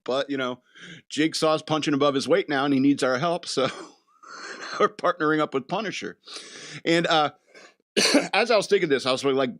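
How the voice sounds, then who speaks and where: A man's voice: a little high, fairly quick, pauses often, a bit bright. A man hosting a casual chat show, rambling from thought to thought with chuckles in between. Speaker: podcast host.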